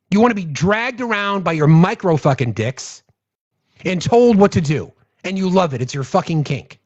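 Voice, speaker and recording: Casting: heated, foul-mouthed male commentary host, high voice, dull lo-fi sound. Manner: profane, heated, reads legal text aloud. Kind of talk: angry political rant. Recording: dull lo-fi audio.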